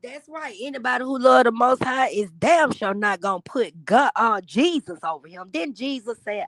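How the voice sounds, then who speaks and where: A woman's voice: fairly high pitch, expressive, normal speed, few pauses, a bit bright, no room sound. A woman hosting a livestream, ranting in a blunt, profane and preachy way. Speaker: livestream host. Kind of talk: heated livestream rant.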